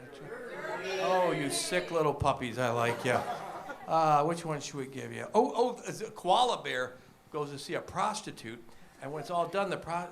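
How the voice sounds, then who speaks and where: Performing stand-up on a club stage, a man with a slightly high voice tells jokes with punchlines and chats with the crowd in between. There's background noise.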